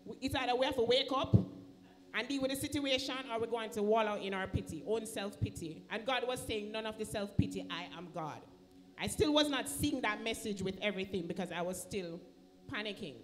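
A woman's voice: medium pitch, fairly quick, slight background noise. Jamaican woman giving church testimony. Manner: emotional storytelling, acts out quoted voices. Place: church sanctuary.

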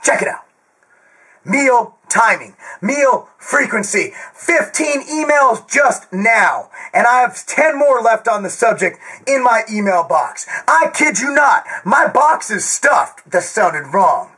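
Brash male fitness host, yelling and swearing straight to camera, very high-pitched and wildly swinging, husky edge. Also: lively intonation, slow, poor audio. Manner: loud, screaming, profane and brash; jokey, crude asides. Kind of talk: ranting direct-to-camera monologue.

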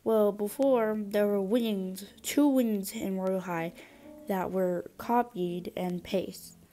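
A woman's voice: mid-range voice, steady tone, slow pace, dark tone, soft background music. A woman chatting casually through a game review, talking around something in her mouth from her braces and often stopping to correct herself. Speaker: gaming video creator.

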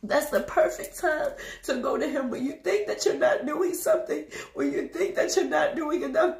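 Crying as she speaks, a woman preaches an emotional testimony, repeating herself and urging her listeners on. Her voice sits high and is expressive and darkish in tone, moving at a moderate pace with hardly any pauses. The room is echoey.

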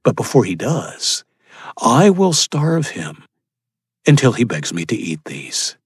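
A man voicing a sadistic male cannibal gang leader who speaks with slow, gloating menace. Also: mid-range voice, sing-song, slightly rough, no room sound, clean studio sound, pitched above the performer's own voice, exaggerated voice.

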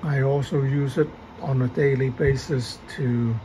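A man giving an unhurried, casual show-and-tell narration of his setup in a garage and yard, with pauses and fillers. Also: mid-range voice, fairly even intonation, dark tone, a little hiss or hum. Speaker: DIY video maker. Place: garage and yard, partly outdoors.

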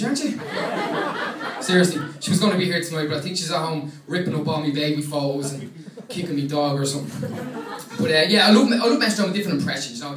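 An Irish man in his thirties doing a cheeky, chatty stand-up set in a small comedy club. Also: a little high. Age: 30s. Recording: echoey club from far off, crowd behind.

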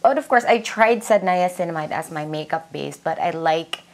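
A woman's voice: on the low side, moderate pace. A young Filipino woman with a Cebuano accent, chatting casually at home about her skincare and mixing Cebuano words into her English. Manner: chatty, mixes Cebuano into English, many fillers and "like". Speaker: beauty vlogger. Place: indoors at home.

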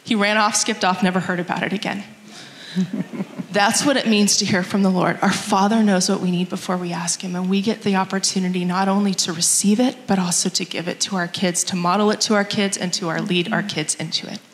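A woman's voice: mid-range voice, steady tone, fairly quick, slight background noise. A woman telling a church gathering, in an earnest and reflective way, how prayer changed her as a mother, reading scripture aloud. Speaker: mother sharing a testimony. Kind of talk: church testimony talk. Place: church hall. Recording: echoey hall, long reverb.

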